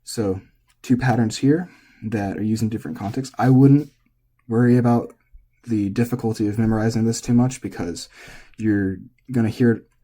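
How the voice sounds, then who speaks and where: A man teaching pitch in a relaxed, casual lesson, thinking aloud as he goes. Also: normal speed. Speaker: language teacher.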